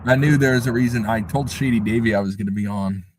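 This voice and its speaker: A man's voice: mid-range voice, fast talker, a little hiss or hum. A man hosting a casual live stream, talking emphatically and scoffing as he repeats his points. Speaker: livestream host.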